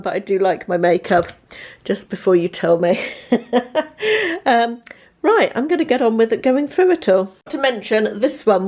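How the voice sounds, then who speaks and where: A woman, talking chattily and rambling through a casual vlog with many pauses. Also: medium pitch, darkish tone. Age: 50s. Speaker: lifestyle vlogger. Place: car, then at home.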